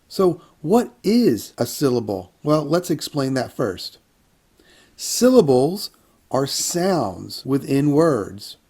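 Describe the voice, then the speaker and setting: A man teaching an English grammar lesson to learners, speaking deliberately and repeating words for them to hear. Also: a little high, warm tone, husky. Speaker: English instructor.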